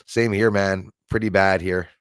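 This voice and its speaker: A man's voice: sits low, steady tone, measured pace, clear, resonant tone, no echo, clean studio sound. A man hosting a casual livestream, rambling and reading viewer comments aloud with jokey asides. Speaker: livestream host reading chat.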